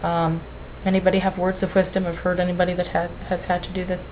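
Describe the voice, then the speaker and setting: A woman's voice: fairly low pitch, completely flat delivery, fast talker, darkish tone, slight background noise, poor audio. Rambling, nervous young woman on webcam. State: tearful. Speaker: weight-loss vlogger. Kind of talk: emotional webcam vlog.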